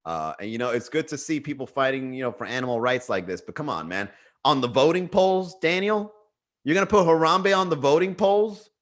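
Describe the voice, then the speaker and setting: A man's voice: fairly high pitch, expressive, a little fast. Rambling jokey man hosting a livestream. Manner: rambling, jokey, reads viewer comments aloud. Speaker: livestream comedy host. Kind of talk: casual comedic livestream chat. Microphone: webcam or desk mic for a livestream.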